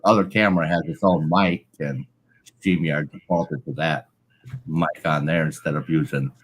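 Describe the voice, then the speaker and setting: A man's voice: a bass voice, fairly even intonation, normal speed, a little hiss or hum. A man chatting casually as a guest on a live stream, rambling with lots of filler phrases into a large microphone. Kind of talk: casual chat. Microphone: large studio microphone.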